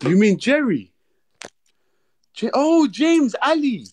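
A man's voice: very high-pitched, very animated, slow pace, darkish tone, slight background noise. A man hosting a livestream, chatting casually in slang and bantering with viewers. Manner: laid-back, slang-heavy, banters with viewers. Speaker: livestream host.

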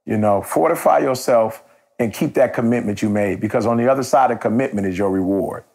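A man giving a motivational talk, telling a story in a lively, rapid way full of slang and repeated words. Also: lowish voice, vocal fry. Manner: animated, rapid, repetitive, street slang. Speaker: motivational speaker.

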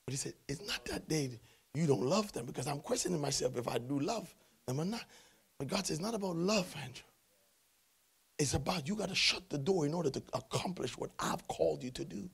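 Raspy, gravelly man preaching in church. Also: high-pitched, moderate pace, long pauses. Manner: emphatic, swings between hushed and shouting. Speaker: pastor. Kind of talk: sermon.

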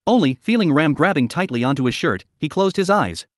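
A man reads a novel aloud as an audiobook with an expressive storytelling delivery. His voice sits a little high for a man and moves animatedly across its range. The recording is dry and close, with no room sound. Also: a little fast, no echo. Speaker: audiobook narrator.

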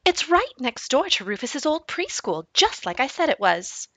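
A woman voicing an anxious, placating mother in a children's book read aloud, pitching up high and sounding nervous. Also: big pitch swings, normal speed, pushed and bright, no echo, heavily acted. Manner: high, nervous and eager to smooth things over.

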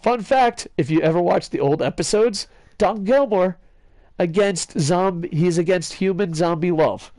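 Higher-voiced man ranting with sarcastic jokes. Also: a little slow, no room sound. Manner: rambling, joking rants with sarcasm and cursing; excitable, talks to a friend off-mic. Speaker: gaming video host. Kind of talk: casual gaming commentary.

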